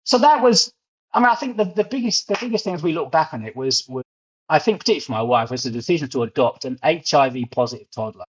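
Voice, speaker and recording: A man's voice: fairly high pitch, lively intonation, fast, husky. A middle-aged man with a London accent, telling stories as an interview guest and often repeating words as he gets going. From England. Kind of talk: storytelling interview. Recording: muffled lo-fi audio.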